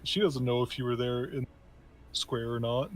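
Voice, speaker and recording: Halting man at a game table. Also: medium pitch, fairly even intonation, low-quality recording. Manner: halting, lots of fillers and restarts. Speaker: player. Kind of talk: casual tabletop game chat.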